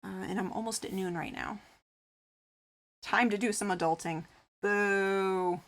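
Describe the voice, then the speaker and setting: A woman talks to her live stream audience in a loose, rambling way, peppering her sentences with fillers. She reads viewer comments aloud and responds to them. Her voice sits at an ordinary middle pitch. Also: normal speed. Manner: rambling and chatty, full of "like" fillers. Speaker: craft streamer. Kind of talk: casual chat with live viewers.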